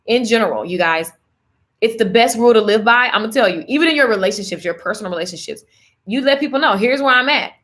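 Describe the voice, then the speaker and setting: A woman business coach talking straight to her viewers, chatty and animated. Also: fairly high pitch, fast talker. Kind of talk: livestream coaching pitch.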